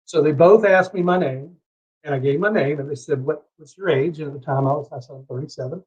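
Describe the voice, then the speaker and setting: A man's voice: a little high, fairly quick, a little mellow, breathy edge. Profane storytelling man, lo-fi audio. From Savannah, Georgia, US. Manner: profane, heated, rambling anecdote. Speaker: podcast guest. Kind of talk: casual storytelling. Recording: dull lo-fi podcast audio.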